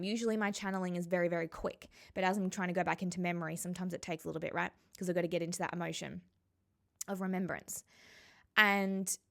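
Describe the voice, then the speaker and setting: Speaking to camera in a mid-range voice with vocal fry, a woman who works as a spiritual coach shares a personal story. Her delivery is reflective and heartfelt yet conversational, easing off the pace on emotional words.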